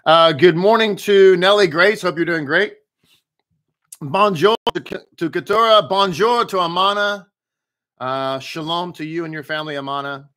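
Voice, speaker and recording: Upbeat bright-voiced rabbi. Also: male voice, high voice, moderate pace. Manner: upbeat, chatty, talks straight to viewers with rhetorical questions. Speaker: rabbi teaching a daily Torah study. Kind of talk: live-streamed teaching and greetings to viewers.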